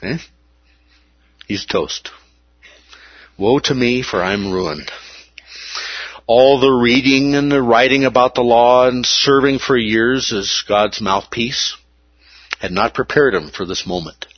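A man's voice: medium pitch, unhurried, no echo, lo-fi sound. A man preaching a sermon, emphatic and repeating key words for weight.

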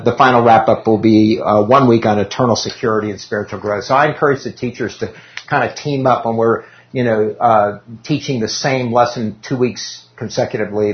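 A man's voice: lowish voice, vocal fry. A man teaching an informal Bible class in a meeting room, talking casually and reading scripture aloud with self-deprecating asides. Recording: dull lo-fi recording.

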